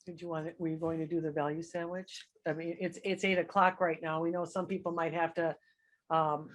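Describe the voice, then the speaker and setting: Quiet, hesitant webinar co-host, flat tone. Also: medium pitch, fairly quick. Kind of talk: casual webinar aside.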